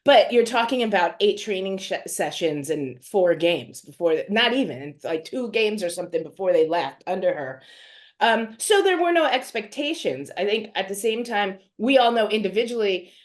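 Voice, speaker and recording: A woman's voice: medium pitch, animated, moderate pace. A woman soccer analyst answering as a podcast guest in a casual interview, thinking aloud with frequent restarts and easy laughter.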